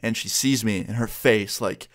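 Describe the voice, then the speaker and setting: A man's voice: lowish voice, moderate pace. A young man in his twenties, chatty and candid, casually swearing as he tells a storytime vlog. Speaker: vlogger.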